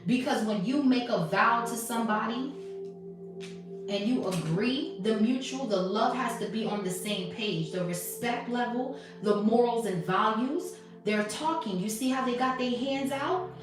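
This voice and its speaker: A woman's voice: a little high, a little slow, very echoey, recorded from a distance, music in the background. A woman giving blunt, profane spiritual commentary as a tarot reader, acting out quoted conversations. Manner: blunt, profane, preachy, acts out quoted exchanges.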